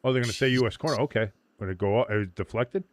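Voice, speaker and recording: A man's voice: mid-range voice, very fast. A man hosting a watch-along stream, calling a soccer match live with loose, joking, profane chatter. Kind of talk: casual live game commentary.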